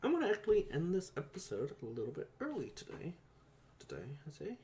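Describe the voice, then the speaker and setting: A man's voice: a little high, huge pitch swings, quick pace, a little mellow. A man hosting a let's play, giving rambling, self-deprecating commentary full of fillers. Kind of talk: casual game commentary.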